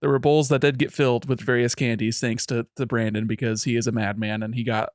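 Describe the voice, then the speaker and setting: A man's voice: medium pitch, little pitch movement, brisk, darkish tone, no echo, studio quality. A man co-hosting a casual gaming podcast, chiming in with wry jokes. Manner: wry, joking asides. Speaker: podcast co-host.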